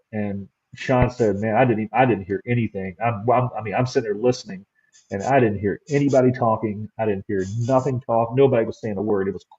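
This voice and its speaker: A man's voice: mid-range voice, warm tone, lo-fi sound. A man, a paranormal investigator, chatting casually as a guest and recounting an experience, stumbling and repeating words as he goes. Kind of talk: casual storytelling chat.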